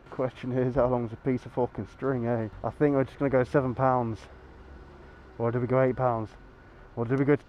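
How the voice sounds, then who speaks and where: Young British man, motovlogger, croaky from a cold, sweary and self-mocking, muffled helmet mic, traffic behind. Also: mid-range voice. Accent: British English. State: slightly croaky from illness. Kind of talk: casual riding vlog. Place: outdoors on a motorbike in town traffic. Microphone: lapel mic under a helmet.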